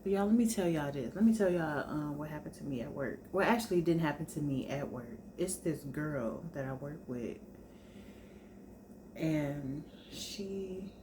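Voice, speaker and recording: Low-voiced woman chatting casually. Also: noisy background. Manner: chatty, informal storytelling, addresses viewers as y'all. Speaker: vlogger. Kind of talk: casual sit-down chat.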